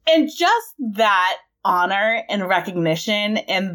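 A young woman co-hosting a podcast in casual chat, animated and playful, laughing often. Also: on the high side, a little slow. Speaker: podcast co-host.

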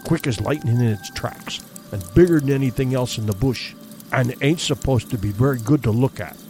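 A grim backwoods guide, as a male storyteller puts him on, uneasy and speaking in rough, folksy country grammar. He comes from Canada and has a voice of ordinary pitch in an audiobook. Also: fairly quick, warm tone, soft background music, natural voice.

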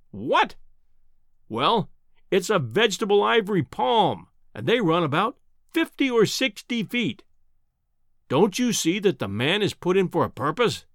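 A man doing a pompous, booming professor. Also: fairly bright tone, no echo, studio quality, exaggerated voice. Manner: booming, overbearing, mocking. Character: pompous, scornful male professor of science.

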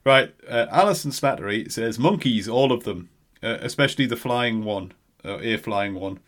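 A man co-hosting a podcast, chatting casually and throwing in dry, deadpan jokes. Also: medium pitch, normal speed. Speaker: podcast co-host. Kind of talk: casual chat.

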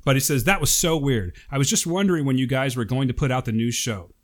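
A man's voice: mid-range voice, fast talker. A man co-hosting a podcast, chatting casually and reading a listener's email aloud with jokes. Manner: animated, jokey, reads listener mail aloud. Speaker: podcast co-host.

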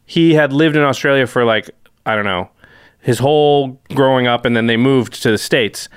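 A man hosting a podcast, chatting casually in an animated way with plenty of filler words. His voice sits at a middle pitch. The sound is close and dry, with no room echo. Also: normal speed, clean tone. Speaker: podcast host.

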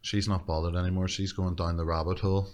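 A man's voice: sits low, flat delivery, fast talker, darkish tone. A man chatting as a podcast guest, rambling, swearing freely and laughing often. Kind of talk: casual chat.

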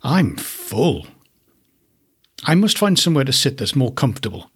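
A man reading a storybook and voicing Goldilocks, a curious little girl, in a raised, breathy voice. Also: mid-range voice, big pitch swings, normal speed, a bit bright, dry recording, clean studio sound, heavily acted.

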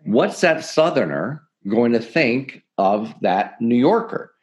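A middle-aged man, a podcast guest, explaining sales techniques in an energetic, emphatic coaching manner. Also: medium pitch, slow pace, few pauses. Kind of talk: podcast interview, teaching sales tips.

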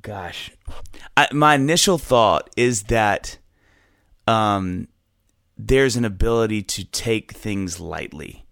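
A low-voiced man with a gravelly, fried edge, talking casually as a guest in a dry, close room. He rambles, doubles back on his words and laughs easily. His voice sounds middle-aged and relaxed. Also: takes it slowly, dry recording. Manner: rambling, self-interrupting, often laughing. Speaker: podcast guest, musician. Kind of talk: casual conversational interview.

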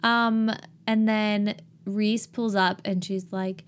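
A woman's voice: medium pitch, little pitch movement, slow, clean tone. A woman co-hosting a casual podcast chat, playful and self-mocking. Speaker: podcast co-host.

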